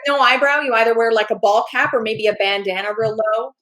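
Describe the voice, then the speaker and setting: A woman with a somewhat high voice tells a story on a podcast. She is animated and often laughs as she acts out the other people's voices in a casual, chatty way. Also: fast, low-quality recording. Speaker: podcast guest.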